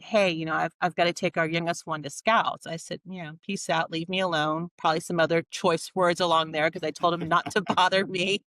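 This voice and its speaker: Candid woman telling her story, low-pitched. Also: no room sound. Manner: candid, animated storytelling with quoted dialogue. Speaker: podcast guest, nurse practitioner. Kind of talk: casual interview storytelling.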